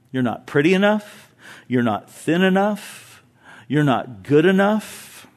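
Animated high-voiced male pastor preaching. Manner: animated, emphatic, jokes with the congregation. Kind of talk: expository sermon.

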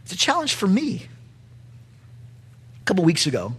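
A man preaching a sermon with animated delivery, building to shouts at the peaks. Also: sits high, normal speed, slightly rough. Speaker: pastor.

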